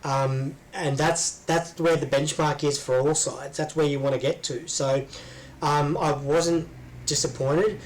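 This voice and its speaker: A man's voice: a little high, fairly even intonation, measured pace, poor audio. An Australian man co-hosting a casual chat, rambling with lots of ums and restarts. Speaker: podcast co-host.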